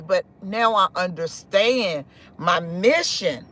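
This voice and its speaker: Man, 40s, very high-pitched, emphatic spiritual livestream host with a preachy, repetitive delivery. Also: lively intonation, unhurried, bright, forceful tone. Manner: emphatic, preachy, repeats phrases. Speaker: live-stream host. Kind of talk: spiritual live-stream talk.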